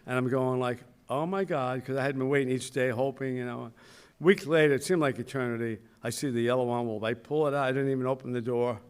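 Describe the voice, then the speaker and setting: A man's voice: mid-range voice, steady tone, fast, smooth. An older man giving an anecdotal ceremony speech as a school founder, storytelling with self-mocking humor and acting out quoted voices.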